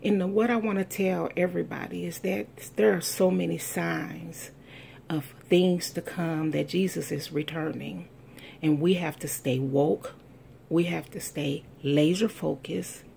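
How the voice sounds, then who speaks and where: A middle-aged woman from the United States giving an earnest, heartfelt testimony, telling a family story with slow, deliberate emphasis. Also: lowish voice, steady tone, vocal fry, mellow, slight background noise. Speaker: speaker sharing a personal testimony.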